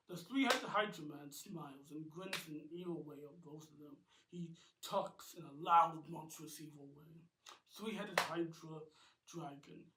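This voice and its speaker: A man reads a homemade cartoon narration in a halting way, often restarting. His voice sits fairly high. He is distant from the mic in an echoey room with noise behind. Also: fairly even intonation. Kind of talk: amateur cartoon narration read aloud.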